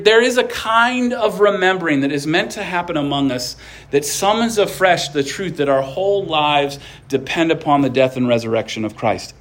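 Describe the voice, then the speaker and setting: A male pastor preaching an earnest sermon, with light asides of humor. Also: on the high side.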